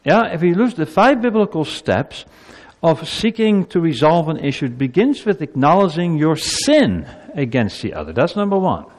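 Animated male preacher in a reverberant hall. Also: on the high side, moderate pace, few pauses. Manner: animated, acts out quoted speech. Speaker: pastor. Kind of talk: sermon.

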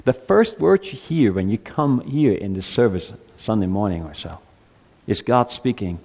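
A man in his fifties preaching a Christmas sermon to his congregation. His delivery swings between soft, quiet asides and loud, high climaxes. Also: animated, moderate pace, big-room sound. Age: 50s. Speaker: pastor.

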